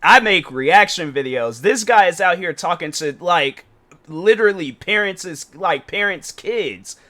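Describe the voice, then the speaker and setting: A man's voice: high-pitched, animated, measured pace, pushed and bright. A man giving casual reaction commentary as a YouTuber, exasperated and rambling, with slang and many restarts.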